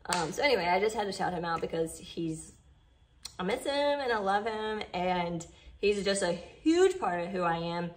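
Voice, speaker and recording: A woman's voice: lowish voice, expressive, moderate pace. A woman chatting heartfelt to her followers in a casual vlog, full of "like" and "you know". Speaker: vlogger.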